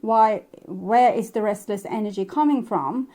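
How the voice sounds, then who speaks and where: A woman with as a giving a casual spoken tarot reading, gentle and reflective, with soft laughs and hesitations. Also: mid-range voice, measured pace. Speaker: tarot reader.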